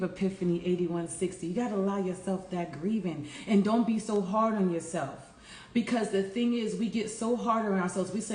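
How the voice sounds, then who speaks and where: A woman's voice: medium pitch, normal speed, roomy sound. A woman life coach giving an earnest, preachy morning talk and calling her listeners y'all. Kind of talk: casual inspirational morning talk.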